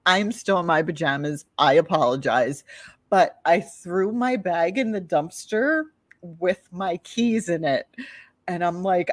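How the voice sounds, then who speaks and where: Brief: woman podcast co-host, lively storyteller, voices the people she quotes, dry close mic. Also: lowish voice, measured pace, dry recording. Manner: animated storyteller, acts out quotes. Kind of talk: casual storytelling chat.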